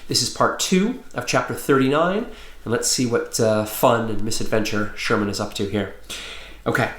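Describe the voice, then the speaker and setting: Lively man reading a children's book. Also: mid-range voice, normal speed. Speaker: author reading his book aloud. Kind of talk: children's book read-aloud. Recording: roomy echo.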